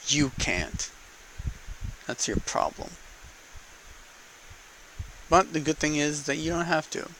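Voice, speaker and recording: Argumentative young-sounding man, bright tone. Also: on the high side, slow, slight background noise, low-quality recording. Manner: argumentative, repeats rhetorical "okay?" and "right?". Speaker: vlogger speaking to camera. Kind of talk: casual political monologue.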